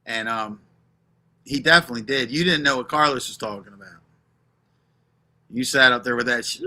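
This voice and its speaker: A man's voice: mid-range voice, moderate pace, pauses often, bright, forceful tone. A man hosting a live stream, ranting casually, swearing constantly and reading out names from the chat.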